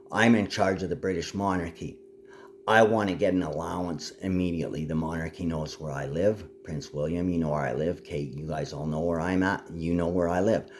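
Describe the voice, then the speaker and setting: A man giving a rambling, declamatory monologue to camera, his loudness swinging up and down. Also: sits low, a little hiss or hum. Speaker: self-styled address speaker.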